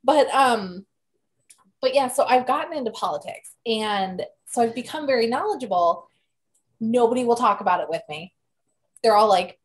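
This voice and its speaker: A woman's voice: fairly high pitch, expressive, moderate pace, pauses often. A young woman from the United States co-hosting a podcast, chatting casually with frequent laughs and fillers. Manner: chatty, giggly, lots of fillers. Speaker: podcast co-host. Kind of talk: casual chat.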